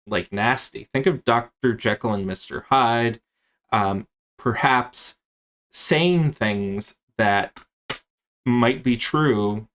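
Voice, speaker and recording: Casual game master, a man with a fairly low voice, talking through a rulebook off the cuff. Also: a bit bright. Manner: rambling, with many fillers and restarts. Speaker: game master and tabletop game presenter.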